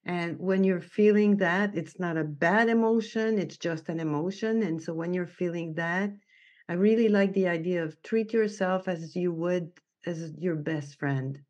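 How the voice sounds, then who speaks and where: A woman's voice: fairly low pitch, measured pace, darkish tone, muffled recording. A woman with a French accent, a podcast host, thanking her guest and closing the show. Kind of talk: podcast interview and sign-off.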